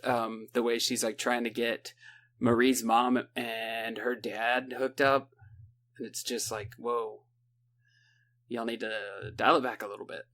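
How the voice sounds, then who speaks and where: A man's voice: medium pitch, level tone, a bit bright. Rambling sarcastic man recapping a book. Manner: rambling, sarcastic, acts out characters in quick asides. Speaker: podcast co-host. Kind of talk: casual podcast book recap.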